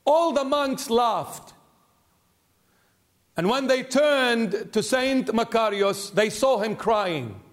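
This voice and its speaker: A man preaching a sermon in church as a bishop, earnest and pleading, slowing down to stress his words. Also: very high voice, lively intonation. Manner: earnest, pleading, slows down for emphasis.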